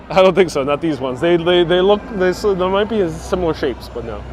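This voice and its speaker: Guy doing a walking tour live stream outside, kinda higher voice, chatting with viewers and laughing a lot, light traffic hum behind. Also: expressive, unhurried, some chatter behind. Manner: chatty, reads out and answers viewer comments, laughs often. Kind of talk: casual live-stream chat. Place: city streets outdoors. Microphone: wireless clip-on mic with phone on gimbal.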